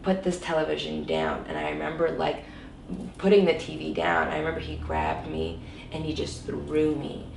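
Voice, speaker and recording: Woman, low gravelly voice, emotional personal story, filler-heavy, echoey room, distant mic. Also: lively intonation, moderate pace, a little hiss or hum. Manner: emotional, many fillers like "like" and "you know". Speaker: interview guest.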